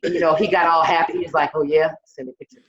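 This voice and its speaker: A woman's voice: sits low, steady tone, fast talker, fairly bright tone. Woman comic, raunchy storyteller, slightly muffled video call sound. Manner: bawdy, profane storytelling with acted-out quotes. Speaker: stand-up comedian. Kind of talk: stand-up comedy set over video call. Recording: roomy, dull video call audio.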